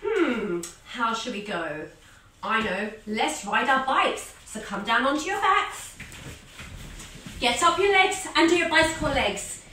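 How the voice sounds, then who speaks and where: A woman leading a children's yoga class as a story, giving animated, sing-song encouragement. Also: high voice, measured pace, recorded from a distance, slight background noise. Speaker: kids yoga teacher. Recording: echoey room, voice off-mic.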